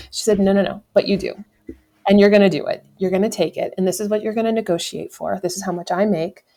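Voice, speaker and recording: A woman's voice: mid-range voice, fairly even intonation, fast, dark tone. A woman in her thirties from the United States, a podcast guest telling a personal story in a candid, reflective way, often correcting herself and laughing. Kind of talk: conversational storytelling.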